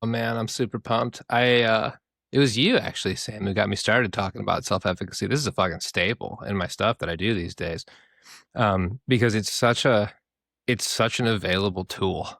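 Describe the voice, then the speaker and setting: A man's voice: lowish voice, moderate pace, gravelly, dry recording. Young male podcast cohost, casual storyteller who curses and does voices, dry close mic. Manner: animated storyteller, swears freely, mimics voices. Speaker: podcast co-host.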